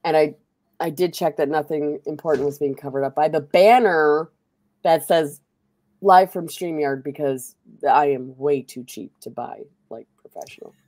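Low-voiced, chatty woman streamer. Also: normal speed, dark tone, no room sound. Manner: chatty, rambling storytelling with fillers. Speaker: streamer host. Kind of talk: casual chat while playing a game.

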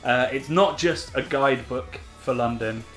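A man in his thirties chats in a quick, enthusiastic way, his voice sitting at an ordinary middle pitch. Faint music plays softly behind him. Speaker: co-host of a beer channel. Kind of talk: casual chat.

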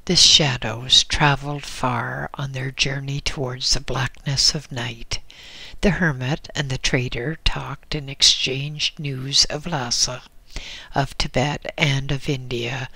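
A man narrating a book in a slow, measured reading. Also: medium pitch, fairly even intonation, creaky, bright, forceful tone, no echo. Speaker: audiobook narrator. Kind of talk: scripted narration.

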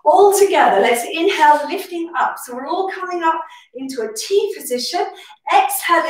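A young woman leading a pilates workout, calling breaths and counting reps, a little out of breath. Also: high-pitched. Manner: breath-cued, encouraging counting. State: slightly out of breath. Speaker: pilates instructor. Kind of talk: guided workout instruction. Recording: echoey room, distant mic.

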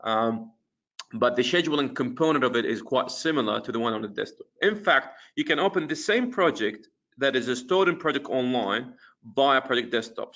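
A man presenting a webinar, walking through a software demo in a casual way, with lots of fillers and restarts. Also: mid-range voice. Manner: casual, many fillers and restarts while clicking through screens. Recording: dull lo-fi webinar audio.

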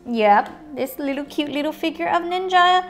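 A woman's voice: high-pitched, expressive, normal speed, over music. A woman hosting a toy unboxing video, bubbly and playful, chatting as she opens each item and sometimes slipping into silly voices for the toys.

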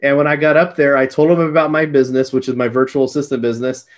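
A man's voice: mid-range voice, flat delivery, quick pace. A man hosting a casual podcast conversation, a chatty storyteller who laughs easily. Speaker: podcast host.

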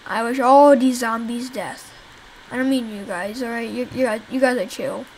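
A woman's voice: a little high, steady tone, normal speed, a little mellow, slight background noise, low-quality recording. A young woman casually commenting while she plays a zombie game she made herself, rambling and swearing at the enemies. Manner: rambling, swears, talks to viewers while playing. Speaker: game developer playing her own game.

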